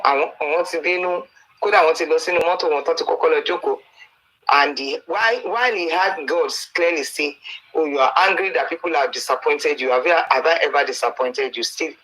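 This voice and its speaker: Earnest Nigerian male preacher, bright and pleading, recorded as a dull lo-fi voice note. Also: fairly high pitch. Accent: Nigerian, Yoruba-speaking. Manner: earnest, pleading, preachy, with Bible quotes and stories. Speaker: preacher addressing a campaigner. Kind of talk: exhortation mixing English and Yoruba.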